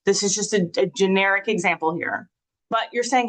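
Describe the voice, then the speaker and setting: A woman's voice: medium pitch, moderate pace, a bit bright, low-quality recording. An upbeat woman leads a live marketing training and talks to her class in a casual way. She often drops into a sing-song voice to read out sample messages.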